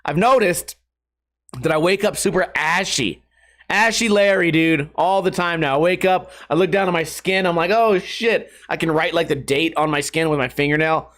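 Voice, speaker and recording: High-pitched, profane, ranting man. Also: moderate pace, a bit bright. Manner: profane, exasperated ranting with mocking voices. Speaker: skateboarding YouTuber. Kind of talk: casual podcast rant.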